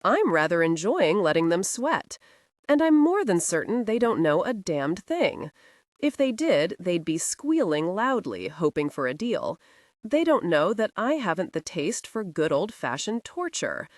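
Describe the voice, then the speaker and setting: A woman reading the part of a self-assured male crime boss, dry and unhurried. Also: lowish voice, very animated, no room sound. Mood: coolly amused. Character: cool, powerful older male crime boss.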